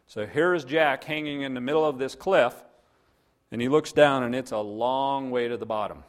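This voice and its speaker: A man's voice: medium pitch, moderate pace. Pastor type, earnest sermon, plain mid-range male voice. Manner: earnest, storytelling with scripture.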